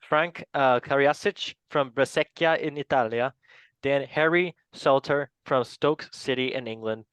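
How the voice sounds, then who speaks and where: A man's voice: mid-range voice, fairly bright tone, clean tone, no echo, poor audio. A man hosting a casual football chat, playful and laughing often as he stumbles over player names. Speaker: podcast host.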